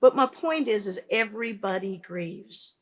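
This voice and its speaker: A woman's voice: mid-range voice, normal speed, fairly bright tone. A woman, founder of a pet business, telling stories earnestly in a conversational interview, with frequent restarts.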